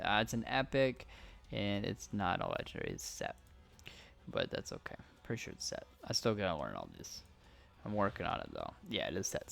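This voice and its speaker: Gravelly man chatting over gameplay. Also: lowish voice, big pitch swings, fairly quick. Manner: thinks aloud, reads out item stats. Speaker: gaming channel host. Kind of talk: casual gameplay commentary.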